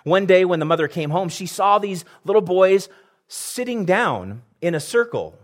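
A man preaching a sermon, earnest, building emphasis, pausing now and then to clear his throat. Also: high-pitched, expressive. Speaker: pastor.

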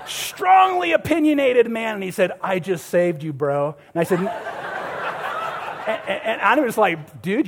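A middle-aged man preaching a sermon to a church congregation, telling a story and calling his listeners beloved. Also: high-pitched. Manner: storytelling, addresses the crowd as beloved. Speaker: pastor.

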